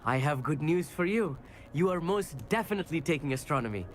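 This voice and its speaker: Casting: a man playing an upbeat young student in a game, high and very lively, lilting and formal. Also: a little fast, close to an everyday voice. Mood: enthusiastic. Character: cheerful stargazing young male student.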